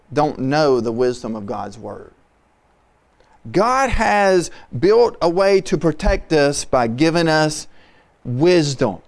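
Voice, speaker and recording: An earnest male pastor preaching on a podcast who repeats his points for emphasis. His voice is smooth and resonant and sits a little high. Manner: earnest, repetitive exhortation. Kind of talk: podcast sermon.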